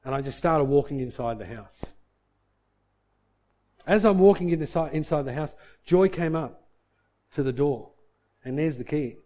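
A middle-aged man delivers a sermon built around a personal story, with a fairly high but mellow voice. He drops into a low mutter when he acts out his own frustrated thoughts. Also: normal speed, pauses often. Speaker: pastor.

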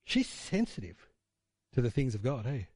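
A man's voice: medium pitch, sing-song, normal speed, a little mellow, husky, no echo, studio quality. A middle-aged man preaching, telling a personal testimony in a rambling, conversational way with frequent tag questions. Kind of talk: sermon testimony storytelling.

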